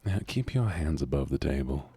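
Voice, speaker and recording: A man's voice: very deep voice, expressive, moderate pace, warm tone, breathy edge, no room sound, full character voice. A man putting on a bossy Southern drawl. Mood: bossy coaxing. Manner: coaxing, scolding, drawled commands.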